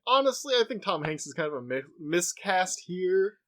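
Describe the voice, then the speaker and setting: A man chatting about a movie in a somewhat raised pitch. He fills in plot details and gives his take in an easygoing way. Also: moderate pace. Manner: relaxed, opinionated, adds plot details. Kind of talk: casual movie discussion.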